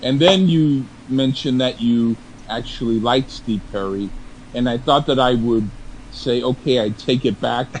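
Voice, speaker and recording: Male co-host, casual chat, joking and halting, mid-pitched. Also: slight background noise, poor audio. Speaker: podcast co-host.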